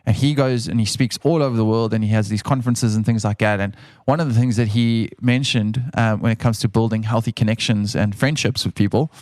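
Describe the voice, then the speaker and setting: A man's voice: fairly low pitch, brisk, hardly any pauses, no room sound, clean studio sound. Earnest South African man co-hosting a podcast. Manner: earnest, repeats himself, gets animated when insisting. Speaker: podcast co-host. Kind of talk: casual podcast chat.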